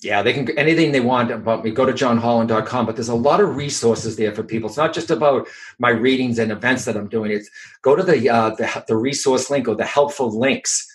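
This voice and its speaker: A middle-aged man with a Boston accent, a medium and author chatting casually in an interview, animated and full of restarts. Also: medium pitch, a little fast, poor audio.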